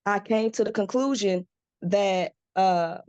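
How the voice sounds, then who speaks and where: A woman's voice: medium pitch, slow pace, a little mellow, clear, resonant tone, dry recording, lo-fi sound. A woman speaking on a casual podcast panel, hesitant and restarting her sentences. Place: video call from home.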